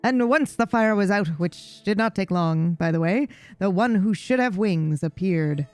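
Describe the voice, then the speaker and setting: A woman's voice: medium pitch, lively intonation, measured pace, darkish tone, dry recording, faint music behind, lightly acted. A woman voicing a jaded, vain, regal male cat in a video game, with a posh mock-transatlantic drawl full of scorn. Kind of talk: reading game dialogue aloud.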